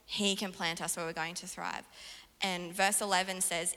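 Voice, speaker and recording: A young woman preaching a sermon in an earnest, animated way. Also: lowish voice, normal speed. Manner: earnest, animated storytelling with laughs. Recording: reverberant hall.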